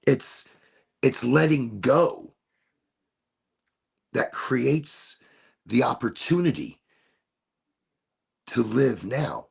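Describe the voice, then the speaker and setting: Male show host, rough gravelly voice, lively pitch, rambling and reflective. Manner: rambling, philosophical, repeats and restarts phrases. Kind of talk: reflective solo talk show monologue.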